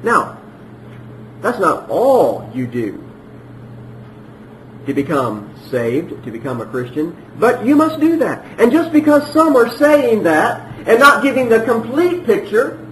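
Emphatic high-voiced male preacher. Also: very animated, slow pace, echoey room, a little hiss or hum, rough recording. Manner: emphatic, repeats phrases, swings between loud and hushed. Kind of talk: sermon.

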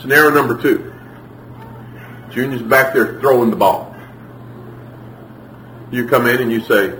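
A man's voice: medium pitch, a little slow, pauses often, slight background noise. Preacher man echoing from far off. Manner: animated storytelling, acts out quotes. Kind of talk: sermon. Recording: echoey room, from far off.

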